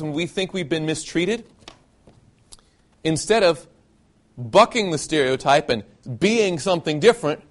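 A man from the southern United States giving an animated sermon-style talk to young people and asking many rhetorical questions. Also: fairly high pitch. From Southern United States (Nashville, Tennessee). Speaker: youth speaker.

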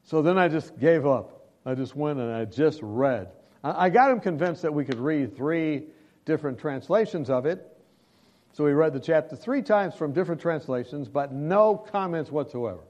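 Animated man telling a sermon story. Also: on the high side, moderate pace, highs cut off. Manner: animated, self-deprecating storytelling. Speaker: preacher.

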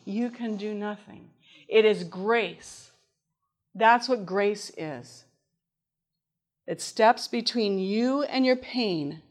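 A middle-aged woman preaching a sermon in an earnest way, reading scripture aloud and asking her listeners questions. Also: a little high.

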